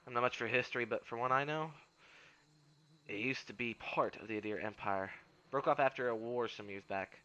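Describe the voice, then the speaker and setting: A wry, restless wilderness guide woman , voiced by a man speaks with a put-on accent that keeps slipping toward Irish. The voice is bright and forceful, read from a role-playing game. The recording sounds dull and lo-fi. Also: medium pitch, a little fast, lightly acted. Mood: earnest.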